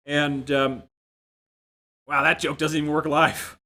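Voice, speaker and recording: Guy doing a dev talk, bright voice, jokey self-deprecating stories. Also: fairly high pitch, level tone, slow pace. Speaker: conference speaker. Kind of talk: tech talk with anecdotes. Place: room without a live audience.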